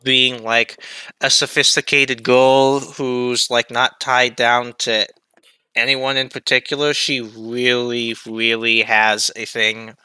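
A man's voice: medium pitch, flat delivery, slow pace, sharp tone, clean tone, no echo. A man in a casual anime discussion, recapping the plot in long, rambling runs.

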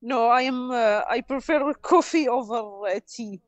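High-voiced hesitant woman co-hosting. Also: dry recording, dull audio. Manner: hesitant, many "uh" pauses, laughs often. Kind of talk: casual livestream chat.

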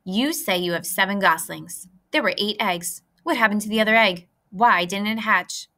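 A woman reading aloud voices a sneaky male rat with a sharp, snarling manner. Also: medium pitch. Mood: snappish. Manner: snarling, quick and grasping.

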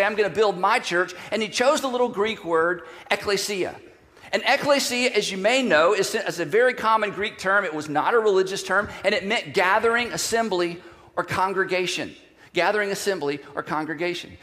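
A man's voice: high-pitched, bright, forceful tone, big-room sound. A male pastor preaching a conversational sermon, telling stories and acting out quoted voices. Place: church sanctuary.

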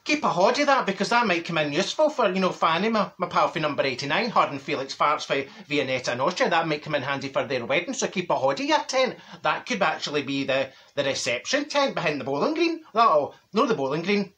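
A man's voice: a little high, big pitch swings, fast talker, few pauses, sharp tone. A man playing a brash, straight-talking older woman from Glasgow with a Glaswegian accent, rambling through a comic monologue full of asides and cackling laughter. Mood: gossipy. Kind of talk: character comedy monologue.

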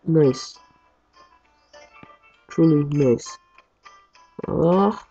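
A man with a slightly high, mellow voice rambles chattily through gameplay commentary as a let's play host, dropping mild swears. He records in his home basement on a muffled, lo-fi track with game music playing underneath. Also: extremely slow, husky.

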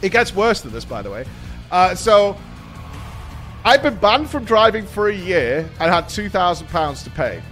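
A young British man, a streamer, casually telling a story to his chat, animated, swearing and laughing at himself. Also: high voice, moderate pace, faint music behind.

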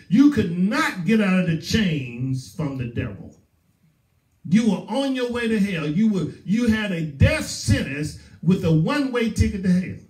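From a distance in an echoing church sanctuary comes a high-pitched, darkish voice. It belongs to a male pastor with a Southern US accent who preaches with emphatic repetition.

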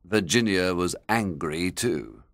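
A man narrating a story and reading quiz questions for English learners, measured and deliberate. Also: low-pitched, animated, creaky, no room sound, studio quality.

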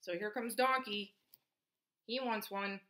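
A woman's voice: mid-range voice, fairly even intonation, takes it slowly, sharp tone. A woman, a preschool teacher, reading a picture book aloud to children, counting along and asking them questions. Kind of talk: read-aloud storytelling for children.

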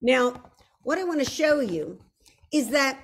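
Hosting a live online show, an American woman speaks at a measured pace in a high, animated voice, with a bit of background noise present. She chats casually, pokes fun at herself, and often starts sentences over.

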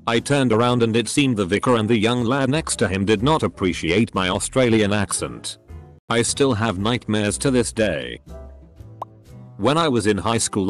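A man steadily reading out posts as a scripted narration. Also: on the low side.

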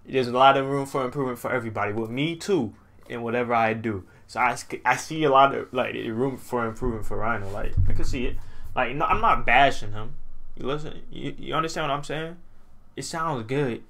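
A man's voice: brisk, gravelly. Chatty young man reacting to music. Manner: chatty and excitable, repeats himself, drops deep for a mocking impression. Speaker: reaction video host. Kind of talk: casual reaction commentary.

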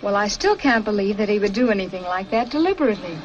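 Quick, earnest young woman, as an actress plays her. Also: mid-range voice, expressive, lo-fi sound, slight background noise, lightly acted. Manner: polite, earnest. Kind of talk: 1950s film comedy acting.

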